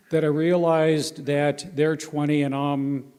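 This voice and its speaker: A man's voice: a little high, little pitch movement, slow, hardly any pauses, smooth. A man, telling anecdotes from a volunteer mission to a congregation and acting out the quotes. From United States. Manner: warm anecdotal storytelling with acted quotes. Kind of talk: storytelling to a congregation. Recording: hall reverb.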